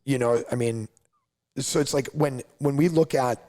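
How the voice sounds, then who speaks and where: Speaking at a moderate pace in a mid-range voice, this man, who founded a coffee company, spins a casual story. He plays out other people's lines with animation and leans heavily on the word "like."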